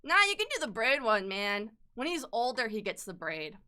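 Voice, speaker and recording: A young woman chatting casually on a livestream while she sketches, swearing freely with sudden bursts of excitement. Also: on the high side, normal speed, clean tone. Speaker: streamer and artist.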